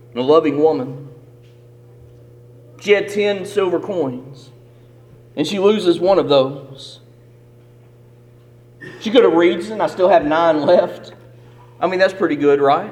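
A man preaches with a rhythmic, emphatic cadence, his voice sitting high for a man. The sound carries a long reverb from a church hall. He builds his points through repeated phrases. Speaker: pastor. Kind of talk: sermon.

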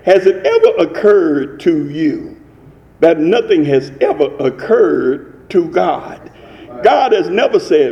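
A man's voice: a little high, very animated, slow pace, dark tone, long reverb tail, muffled recording. A man preaching a sermon with emphatic rising cadences and repetitions.

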